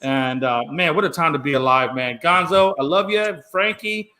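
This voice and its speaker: Male sports co-host, high bright voice, loud blustery banter. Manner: joking, loud and blustery, drawn-out emphatic phrases. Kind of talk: casual sports talk banter.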